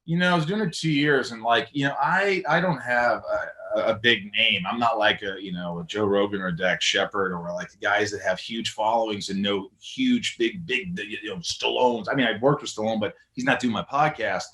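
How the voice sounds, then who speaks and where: A man telling stories as a podcast guest, animated, acting out the voices of people he quotes. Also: on the low side, normal speed, hardly any pauses, echoey room. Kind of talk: casual storytelling conversation.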